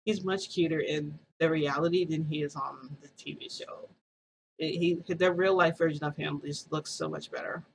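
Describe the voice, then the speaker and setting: A woman's voice: deep voice, steady tone, moderate pace, slight background noise, poor audio. A woman vlogger casually telling a first-person story, rambling and full of "like" fillers.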